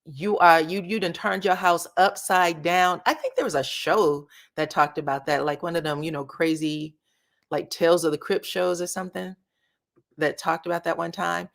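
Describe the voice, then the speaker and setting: A woman's voice: fairly low pitch, normal speed, gravelly. A woman hosting a casual reality-show commentary, chatting and reading viewer comments aloud. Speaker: commentary channel host.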